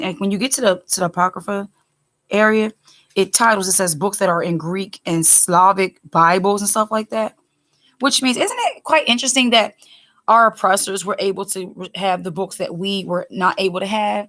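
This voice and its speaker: Chatty woman teaching scripture casually. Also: mid-range voice. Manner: chatty, digressive, quick asides; animated when she quotes people. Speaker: Bible study teacher.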